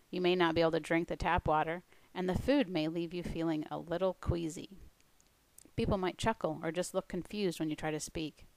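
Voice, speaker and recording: A woman who coaches language learners, giving a scripted presentation in a clear, steady way. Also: fairly low pitch, dry recording, rough recording. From United States.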